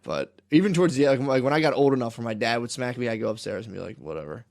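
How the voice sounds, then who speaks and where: Fast-talking, animated male podcast co-host. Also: mid-range voice, creaky. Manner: animated storyteller who acts out quotes; frequent swearing and "dude". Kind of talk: casual chat.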